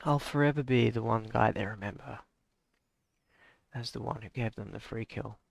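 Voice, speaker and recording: A man's voice: on the low side, normal speed, vocal fry, no echo. A young man streaming a game, rambling and joking about himself in casual chat. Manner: joking, rambling, self-mocking.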